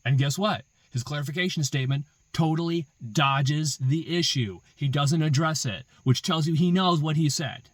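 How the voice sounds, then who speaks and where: A man's voice: fairly high pitch, normal speed, few pauses, no room sound. Male host, emphatic opinion monologue, repeats his points, dry close sound. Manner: emphatic, repetitive, building arguments with rhetorical questions. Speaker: political commentary host.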